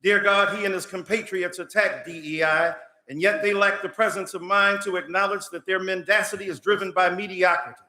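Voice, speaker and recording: A man's voice: high voice, steady tone, a little fast, few pauses, sharp tone. Resonant man preaching a fiery prayer. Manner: rhythmic preacher's cadence, building repetitions. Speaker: guest chaplain. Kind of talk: oratorical prayer. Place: large legislative chamber. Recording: echoey chamber through PA.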